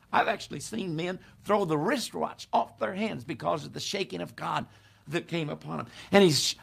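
An older man preaching, telling a story in a lively way and acting out the people in it. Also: sits high, vocal fry, breathy edge. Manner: animated storyteller who acts out the people in his tale. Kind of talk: sermon storytelling.

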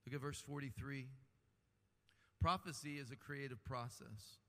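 A man's voice: mid-range voice, fairly even intonation, unhurried, a bit bright. A man preaching a sermon with impassioned delivery and humorous asides, rising and falling in intensity. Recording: long hall reverb.

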